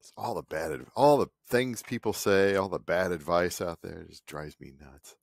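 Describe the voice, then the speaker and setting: A man's voice: low voice, moderate pace, creaky, dry recording, clean studio sound. A man in his fifties, an artist vlogger, talking in a cranky, sarcastic, rambling way and mocking other people. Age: 50s. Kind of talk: casual rambling monologue. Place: home studio.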